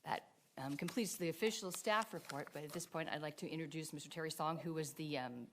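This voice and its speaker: A woman presenting a formal staff report at a public board meeting, in a measured way. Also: sits low, a little hiss or hum.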